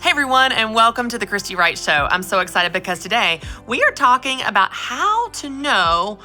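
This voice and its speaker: A woman hosting a show, telling a personal faith story in a candid, chatty way that swings between loud exclamations and soft near-whispers. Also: fairly high pitch, sing-song, normal speed, faint music behind. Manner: candid, chatty, addresses listeners as "y'all". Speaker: podcast host.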